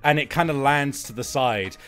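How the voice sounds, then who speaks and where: A man playing a tabletop game, excitable and laughing as he describes his character's actions. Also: mid-range voice, moderate pace. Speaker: player. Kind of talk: casual chat over a tabletop game.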